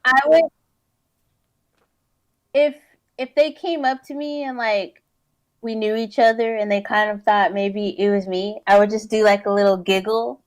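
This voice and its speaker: A woman's voice: mid-range voice, fairly even intonation, a little slow, pauses often, clean tone. Giggly woman guest telling stories. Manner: giggly, rambling storyteller with many fillers. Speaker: guest, haunt scare actor. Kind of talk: casual chat.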